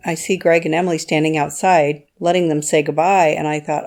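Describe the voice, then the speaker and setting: A woman's voice: low voice, fairly even intonation, fairly quick, darkish tone, soft background music. A middle-aged woman recalling a family story in a firm, plainspoken, protective way. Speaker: mother of the storyteller. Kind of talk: personal storytelling.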